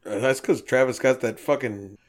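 Man, casual podcast chat, profane, animated, acts out quotes. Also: medium pitch, normal speed. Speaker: podcast co-host.

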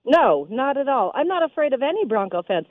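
A woman with a lively, somewhat high voice tells her stories emphatically. She is a radio DJ heard over a tinny phone line. The sound is dry and close, with no room around it. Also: brisk, no echo. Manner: emphatic, animated storytelling. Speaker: radio DJ guest. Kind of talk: sports radio interview.

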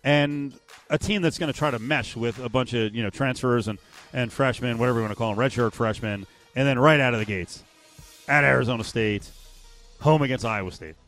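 A man co-hosting sports talk radio, his voice sitting at an ordinary pitch. He talks in a loose, conversational way with quick asides, and a faint music bed plays under him. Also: fairly bright tone.

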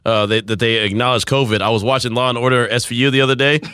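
A man hosting a casual chat, excitable, laughing easily and firing quick questions. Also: mid-range voice, clear, resonant tone, no room sound.

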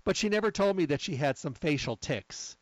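A middle-aged man hosting a supplement talk, telling stories in a chatty, lively way. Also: a little high, brisk, no room sound, low-quality recording. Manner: chatty storyteller, lively asides. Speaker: health supplement talk host. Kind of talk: casual monologue.

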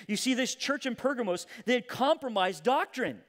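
A man preaching a sermon, retelling scripture in an animated way that swings between loud emphasis and hushed asides. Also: very high-pitched, normal speed, in a large hall. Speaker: pastor.

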